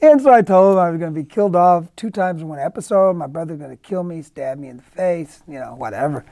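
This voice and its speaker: A man's voice: fairly high pitch, animated, quick pace, warm tone, no room sound. A middle-aged male actor in a casual interview, rambling through anecdotes with many restarts and acted-out quotes. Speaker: actor guest.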